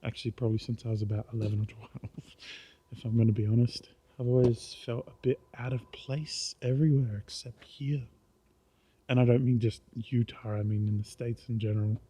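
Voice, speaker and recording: A middle-aged Australian man, tired and speaking quietly, rambling through a casual walking vlog outdoors at night. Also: steady tone, fairly quick, slightly rough. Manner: rambling, quiet and low-key. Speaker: vlogger. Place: outdoors on a small-town main street at night. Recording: dull lo-fi recording.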